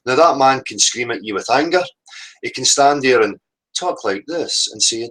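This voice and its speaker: A man's voice: mid-range voice, lively intonation, normal speed, a bit bright, rough recording. Sweary man ranting on a stream. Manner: combative, sweary, repeats "right?". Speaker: livestream host. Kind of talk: heated livestream rant.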